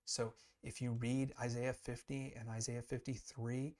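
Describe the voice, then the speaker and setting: A man's voice: mid-range voice, little pitch movement, unhurried, darkish tone. A man teaching Scripture in a casual, explanatory way, earnest and emphatic, often restarting mid-sentence as he thinks aloud. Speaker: Bible teacher.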